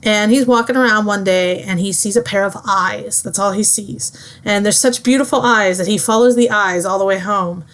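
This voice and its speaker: A young woman student giving a chatty, casual book summary, full of fillers. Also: medium pitch. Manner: chatty, lots of fillers, breezy.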